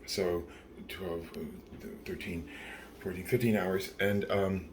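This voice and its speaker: Brief: weary man in his thirties, late-night confessional, rambling and profane, lowish voice, faint hum behind. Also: steady tone, slow. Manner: rambling, profane, tired, many fillers. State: very tired. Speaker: vlogger.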